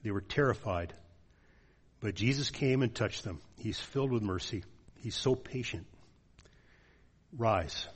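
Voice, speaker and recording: A man's voice: fairly low pitch, normal speed, slightly rough. A male pastor preaching a sermon in an earnest way, with frequent "uh" fillers, then closing in prayer.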